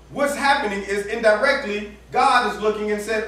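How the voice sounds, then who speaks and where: Casual, slangy male preacher with a very high voice, recorded from afar in a big echoey room. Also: a little fast, hardly any pauses, a bit bright, distant mic. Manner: casual slang-filled preaching, acts out dialogue, laughs often. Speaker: campus minister preaching. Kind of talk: sermon.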